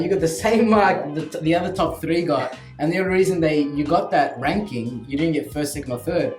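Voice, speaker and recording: A man's voice: on the high side, darkish tone. Australian man, maths teacher hosting a chat, emphatic and earnest; echoey room, faint music. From Western Sydney, Australia. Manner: earnest, emphatic, asks "right?" often. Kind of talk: casual chat.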